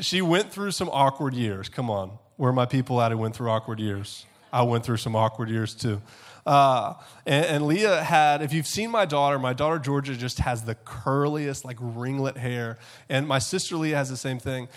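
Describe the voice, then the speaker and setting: A man preaching a sermon that opens with a comic personal story. He is an animated storyteller who keeps checking in with "okay?" and often repeats words as he goes. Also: mid-range voice, normal speed. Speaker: pastor.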